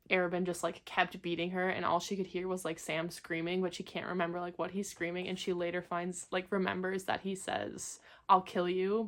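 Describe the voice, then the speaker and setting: Gushing and excitable, a young woman with a creaky, medium-pitched voice vlogs about rereading a book series. She reads passages aloud and fills her chat with "like."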